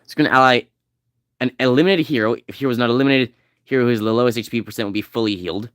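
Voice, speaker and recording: Brief: man, mid-pitched, casual gameplay chatter, rattles off game text, dry close mic. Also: a bit bright, clear, resonant tone, no echo. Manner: rambling, reads game text aloud fast. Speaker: game streamer.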